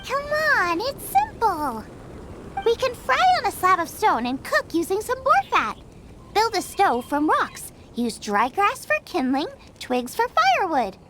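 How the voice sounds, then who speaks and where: Bubbly young chef, high lively voice, food-obsessed, eager, game character. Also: female voice, a little slow, very noisy, full character voice. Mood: excited. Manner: bubbly, enthusiastic, rambles about recipes. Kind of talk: game cutscene voice acting. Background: background music.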